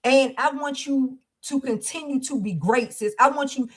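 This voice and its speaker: A woman's voice: high-pitched, moderate pace, husky. A woman hosting a livestream support circle, speaking in a fervent, preacher-like way. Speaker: host. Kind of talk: livestream talk.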